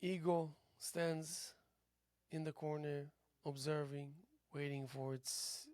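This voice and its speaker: A tired man hosting a local TV show, musing aloud in a halting philosophical monologue that drifts into soft whispers. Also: fairly high pitch, steady tone, dry recording. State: tired, yawning. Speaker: host. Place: local cable TV studio.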